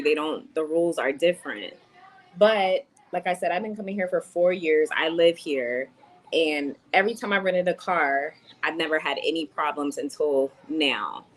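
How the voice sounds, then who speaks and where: A young adult woman vents on a casual livestream, her low voice fairly bright in tone. She's a chatty vlogger who swears while reading chat comments, and the audio quality is poor.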